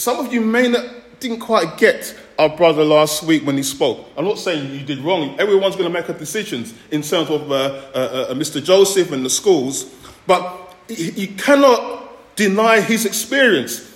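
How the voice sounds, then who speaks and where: A man from the Caribbean preaching a sermon as pastor, earnest, often restarting phrases and pausing to qualify his points. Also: high-pitched, expressive, roomy sound.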